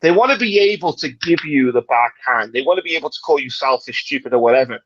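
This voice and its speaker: A British man in casual livestream chat, talking in an animated, dramatic, rambling way with many restarts. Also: mid-range voice, fast, no room sound, highs cut off. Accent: British English. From Britain. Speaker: livestream panelist.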